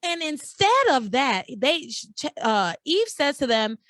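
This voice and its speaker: A woman's voice: high-pitched, very animated, a little slow, a bit bright, no room sound. A woman hosting a casual podcast, recapping a soap opera with incredulous, exaggerated outrage. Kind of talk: casual chat.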